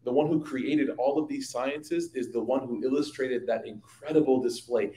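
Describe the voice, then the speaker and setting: A man giving an evening religious study talk, telling lively stories and speaking directly to his audience. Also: medium pitch, moderate pace, roomy sound. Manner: lively anecdotal storytelling, addressing audience. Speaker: religious teacher. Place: community hall.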